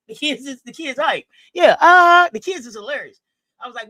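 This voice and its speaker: A woman co-hosting a casual sports chat, animated and playful, often repeating words. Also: high-pitched, measured pace, dry recording, studio quality. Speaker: co-host.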